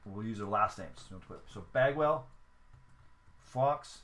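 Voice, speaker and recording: Slow-paced and fairly low, his voice has a fairly bright tone as he hosts a sports card break livestream. He chats casually, counting steps aloud and apologizing for any slip-ups.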